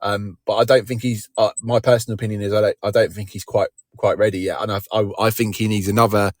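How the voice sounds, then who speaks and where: Deep-voiced rambling man. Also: level tone, fast, dry recording, studio quality. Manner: rambling, self-deprecating, many restarts. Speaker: podcast co-host, interviewee. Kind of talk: casual chat.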